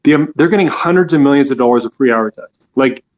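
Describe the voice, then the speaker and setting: A man's voice: medium pitch, quick pace, slight background noise. A man making a long rambling point in a casual group call, often repeating words.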